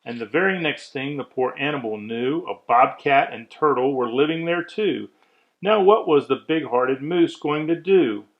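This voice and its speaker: A man reading a rhyming children's story aloud with measured, expressive delivery. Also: mid-range voice, highs cut off.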